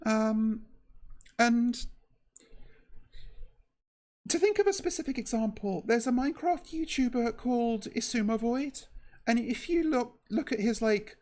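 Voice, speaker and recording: A woman streaming casually as a VTuber, her voice slightly shaky, talking in a halting, nervous way full of fillers and restarts. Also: a little high, animated, darkish tone.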